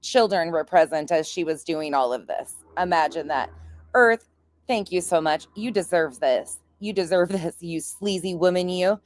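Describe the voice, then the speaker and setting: A woman with a low voice, recorded dry and close to the mic. She hosts a commentary stream in a casual, crude way, mocking the clips she plays and laughing along. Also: moderate pace, darkish tone, no echo.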